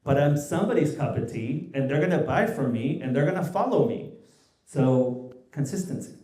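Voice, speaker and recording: Male panel guest, with asides, warm low tone, echoey hall. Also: normal speed. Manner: mixes English and Mexican Spanish, lively anecdotes. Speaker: small business founder, panel guest. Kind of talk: animated panel storytelling.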